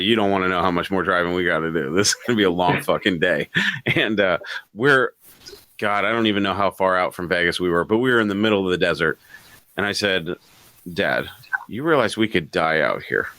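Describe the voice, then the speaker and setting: A man with a fairly low, bright, forceful voice tells stories on a live podcast. He is animated and swears freely, chuckling between phrases. The sound is close and dry. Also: fairly quick, dry recording. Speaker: podcast co-host. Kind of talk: casual storytelling on a live podcast.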